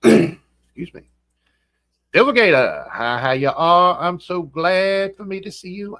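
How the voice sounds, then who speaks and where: Host, man, West Virginian accent, folksy chat greeter, groggy morning voice, higher pitch, dry close sound. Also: lively intonation, unhurried, long pauses, a bit bright, no room sound. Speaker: livestream host. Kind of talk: casual livestream chat, greeting viewers. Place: home room.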